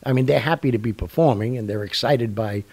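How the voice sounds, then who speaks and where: A man's voice: mid-range voice, quick pace, a little mellow. An older man hosting a talk show, telling stories in a rambling, casual way with lots of fillers and restarts. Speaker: radio show host. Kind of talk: casual storytelling monologue.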